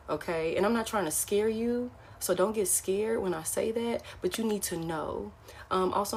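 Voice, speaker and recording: A woman with a medium-pitched, darkish voice gives a casual tarot reading, frank and blunt, repeating her key phrases and calling the listener "baby." Slight background noise is present.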